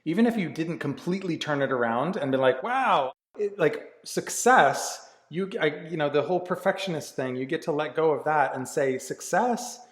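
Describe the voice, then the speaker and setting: A man's voice: fairly high pitch, animated, fairly quick, few pauses. A man who works as a life coach gives a candid, earnest motivational talk, swearing freely and often restarting his sentences. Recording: echoey room with long reverb.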